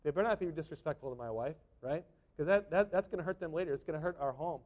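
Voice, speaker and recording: High-voiced man preaching with tag questions. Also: fast, a little mellow, lo-fi sound. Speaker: pastor. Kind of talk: sermon.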